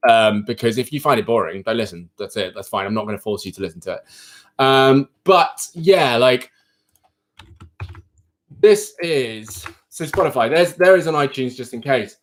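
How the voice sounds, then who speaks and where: A man's voice: mid-range voice, animated, fairly quick. A man who coaches people, hosting a live stream and frankly ranting straight to his viewers in casual chat.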